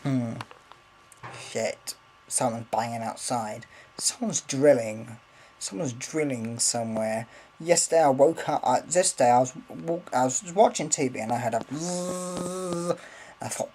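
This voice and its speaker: A man's voice: mid-range voice, a little slow, warm tone, slightly rough, low-quality recording. A man rambling casually in a vlog, swearing freely, filming on a handheld camera. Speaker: vlogger.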